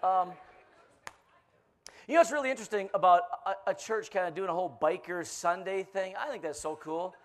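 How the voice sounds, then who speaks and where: High-voiced joking pastor man. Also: fairly quick. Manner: playful, teasing, animated storyteller. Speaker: guest pastor. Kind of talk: joke-filled sermon.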